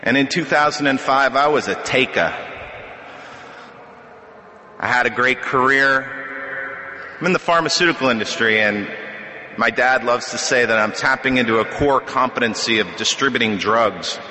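A middle-aged man sharing his recovery story at a meeting podium, wry and self-deprecating, with halting restarts. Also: medium pitch, bright, forceful tone, slight background noise. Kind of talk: personal testimony at a podium. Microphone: podium microphone. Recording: echoey hall reverb.

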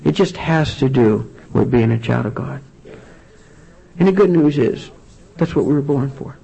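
A man speaking earnestly at a recovery meeting, sharing a personal testimony with many halting restarts. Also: mid-range voice, expressive, creaky, mellow, breathy edge. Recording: dull lo-fi recording.

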